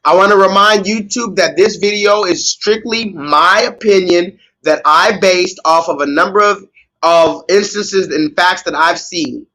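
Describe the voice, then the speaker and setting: High, bright-voiced ranting man. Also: measured pace, rough recording. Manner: sarcastic, mock-pleading, profane. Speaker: live stream host. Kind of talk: livestream commentary rant.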